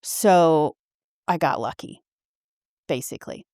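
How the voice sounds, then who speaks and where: Earnest, halting woman in her fifties. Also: low voice, animated, darkish tone, no room sound, clean studio sound. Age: 50s. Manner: earnest, halting, with frequent restarts. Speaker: podcast guest sharing her story. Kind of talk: personal storytelling.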